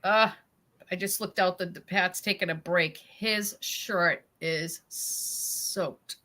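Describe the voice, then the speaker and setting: A woman's voice: fairly low pitch, fairly even intonation, slow, bright, forceful tone. A woman hosting a casual livestream chat from home, chatty, often laughing and trailing off mid-sentence. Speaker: livestream host.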